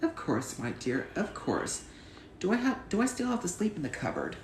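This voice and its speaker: A man's voice: sits high, wildly swooping pitch, moderate pace, echoey room, slight background noise. A man reciting memorized film lines and trivia, earnest and proud, at home. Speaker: channel host.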